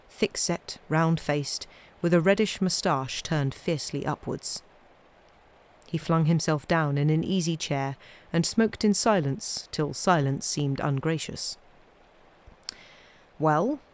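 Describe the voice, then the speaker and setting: A woman reading old ghost stories aloud on a live stream, chatting wryly between tales and trailing off softly at the ends of sentences. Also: deep voice. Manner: chatty, wry, trailing off quietly.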